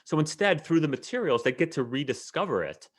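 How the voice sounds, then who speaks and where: A man teaching a math webinar, explaining in a lively way with frequent fillers and restarts. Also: a little high, fairly quick. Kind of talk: webinar lecture.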